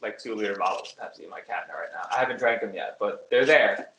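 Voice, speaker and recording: A man's voice: on the low side, quick pace, fairly bright tone. A man in his twenties co-hosting a podcast, telling rambling stories in casual chat and swearing freely. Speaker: podcast co-host. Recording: roomy echo.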